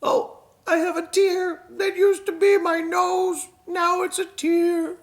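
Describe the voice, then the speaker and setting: A man voicing a small, sad male puppet who talks in a slow, high, weepy whimper. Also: level tone, full character voice.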